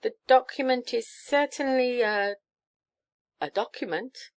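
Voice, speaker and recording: A woman's voice: medium pitch, measured pace, close to an everyday voice. Woman voicing an old archbishop, ponderous, hesitant reading, storybook.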